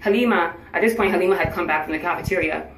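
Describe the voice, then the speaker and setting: A woman's voice: on the low side, rapid-fire, a little hiss or hum. A tired woman telling a personal story in a casual vlog, earnest and acting out what others said to her. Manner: earnest, retells conversations in quoted speech. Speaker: vlogger sharing her cancer journey. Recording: echoey room, voice from a distance.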